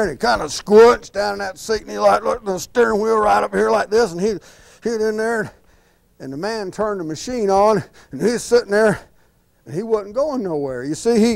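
A man's voice: sits high, gravelly. A man telling a folksy tall tale, laughing along and acting out sound effects. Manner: animated, laughs at his own story, acts out sound effects. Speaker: storyteller.

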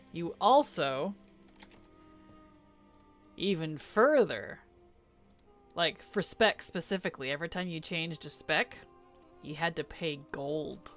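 A young adult woman live-streaming a game in casual chat, reading viewers' messages aloud, answering them and laughing often. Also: fairly low pitch.

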